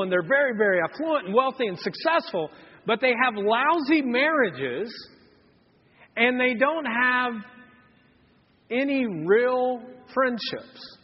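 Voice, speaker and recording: High-voiced folksy pastor. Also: male voice. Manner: folksy storytelling with quoted voices. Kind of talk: sermon. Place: church hall. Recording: dull, reverberant church hall.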